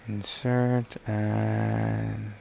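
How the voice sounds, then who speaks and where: A man's voice: on the low side, level tone, extremely slow, creaky, dark tone, slight background noise. A middle-aged man streaming live, talking himself through each design step and teasing his child between tasks. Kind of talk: casual livestream chat while working.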